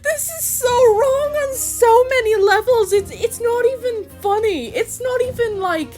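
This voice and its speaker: Brief: exasperated young woman streamer, slow-paced, very high voice, faint music underneath. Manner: emotional, exasperated, laughs often. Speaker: game streamer. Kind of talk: reacting to a story game.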